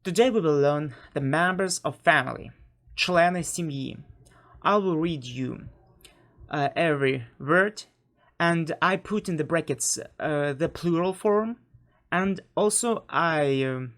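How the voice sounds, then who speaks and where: A woman's voice: deep voice, measured pace. A woman with a Ukrainian accent teaching a language lesson, hesitant, with many fillers and self-corrections.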